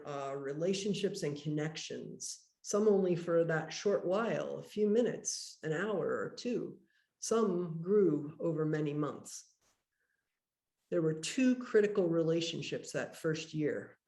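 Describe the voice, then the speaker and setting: A woman priest giving a workshop talk, telling a personal story in a reflective, measured way. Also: low voice, dark tone, echoey room. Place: conference workshop room.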